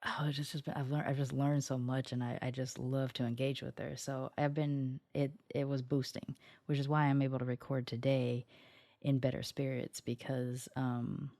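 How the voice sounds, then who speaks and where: Solo podcast host, scratchy morning voice, mid pitch, chatty and meandering, dry close sound. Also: little pitch movement, moderate pace, a little mellow, no echo. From United States. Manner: chatty and meandering, often circling back mid-sentence. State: scratchy voice from just waking up. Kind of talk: casual solo podcast monologue.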